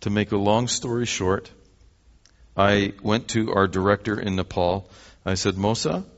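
A low-voiced Canadian man delivers a sermon as a story, voicing the people in it. The sound is a bit dull and lo-fi. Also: unhurried. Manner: animated storyteller acting out dialogue. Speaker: preacher.

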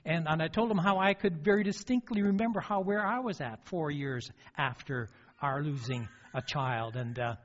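A man's voice: on the high side, normal speed, hardly any pauses. Older male pastor telling a story. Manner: storytelling with frequent restarts and fillers. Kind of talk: sermon. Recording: dull lo-fi recording.

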